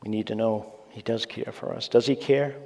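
A man's voice: on the low side, steady tone, moderate pace, gravelly, mellow. A man preaching a sermon in an earnest, conversational way, with casual asides to his congregation. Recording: long reverb of a large hall.

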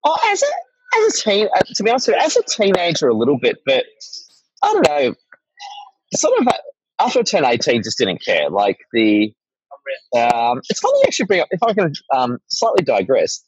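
Australian man, interview guest, husky and animated, keeps asking "right?". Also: fairly high pitch, fairly quick, dry recording, muffled recording. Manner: rambling, tags with "right?". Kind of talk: casual interview chat.

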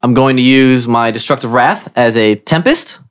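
A man's voice: mid-range voice, normal speed, smooth. A man playing a tabletop game, talking through his spells and dice math in a casual way. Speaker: player.

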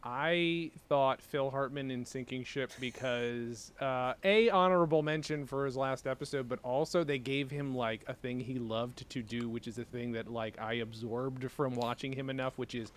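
A man guesting on a podcast who talks at a middling pitch. His speech is relaxed and rambling, and he laughs easily. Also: moderate pace, few pauses. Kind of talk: casual podcast chat.

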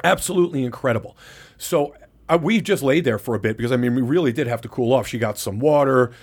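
A man's voice: mid-range voice, fast, breathy edge. A man co-hosting a podcast, telling a candid blow-by-blow story in casual chat, with lots of profanity. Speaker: podcast co-host.

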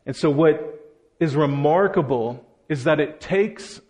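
Male pastor, higher-pitched, expressive sermon delivery that dramatizes quoted lines. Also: slow.

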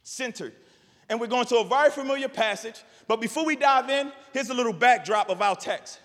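A pastor in his thirties preaching a sermon, animated, rising to shouts and repeating phrases. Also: extremely high pitch, a little fast, long reverb tail.

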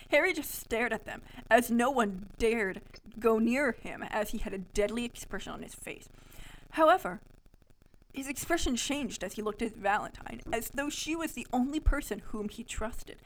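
A woman's voice: on the high side, animated, unhurried. A young woman co-hosting a podcast, reading her childhood story aloud in bursts, giggly and self-mocking. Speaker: podcast co-host.

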